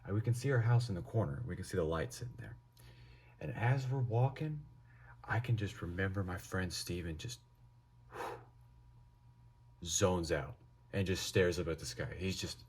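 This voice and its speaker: Young guy vlogger, deep husky voice, profane animated storytelling. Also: measured pace, pauses often. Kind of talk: casual storytime.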